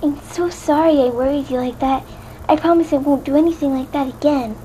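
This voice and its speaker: Shy storybook pony mare, high and breathy-soft, fretful; a woman reads her. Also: fairly even intonation, fairly quick, a little hiss or hum, lightly acted, poor audio. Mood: apologetic. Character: timid gentle young female pegasus pony.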